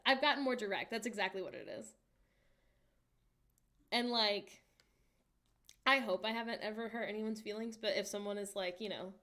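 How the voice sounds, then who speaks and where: A woman in her late twenties, hosting a livestream in a casual, candid chat and reading viewer messages aloud with animated asides. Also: medium pitch. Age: late 20s. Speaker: livestream host.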